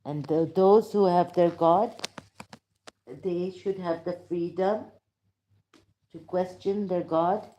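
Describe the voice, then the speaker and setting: A man hosting a rambling livestream monologue, emphatic and indignant, halting often with fillers. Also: high-pitched, steady tone, warm tone, muffled recording, a little hiss or hum. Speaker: channel host.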